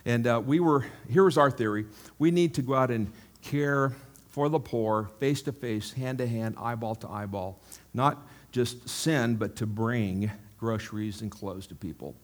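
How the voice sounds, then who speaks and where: A man's voice: medium pitch, unhurried. A male pastor giving a sermon in a church, chatty and self-mocking, with frequent asides to the congregation.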